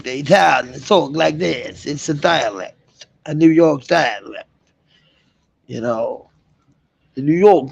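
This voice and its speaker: A man's voice: a little high, creaky, no echo. A middle-aged man vlogging a rambling, profane rant, mocking his targets and chuckling between jabs. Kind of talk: ranting vlog monologue.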